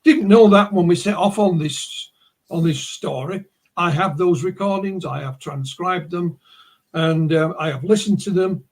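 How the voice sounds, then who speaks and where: A man from Yorkshire, England, with a high-pitched voice and a Yorkshire accent, talks at an unhurried pace as a video call guest. His casual storytelling wanders, with many restarts.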